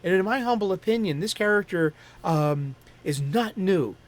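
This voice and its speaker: A man's voice: sits high, animated, normal speed. A middle-aged man hosting a comics talk stream, chatting in a rambling, enthusiastic way that often stops to correct itself. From Boston area. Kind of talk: casual rambling chat.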